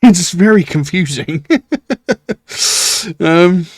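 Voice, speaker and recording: A man hosting a music reaction channel, thinking aloud in casual commentary, with many pauses and fillers as he muses over a track. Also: fairly high pitch, animated, a little mellow, no room sound, clean studio sound.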